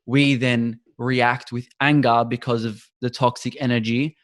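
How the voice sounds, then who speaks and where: A man's voice: mid-range voice, level tone, measured pace. A man hosting a podcast interview, asking a long question in a casual, searching way. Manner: casual, searching phrasing with restarts. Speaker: podcast host.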